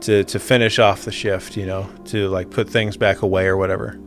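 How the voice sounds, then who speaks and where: Animated, swearing man telling a story. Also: low-pitched, fairly quick, soft background music. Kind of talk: casual chat.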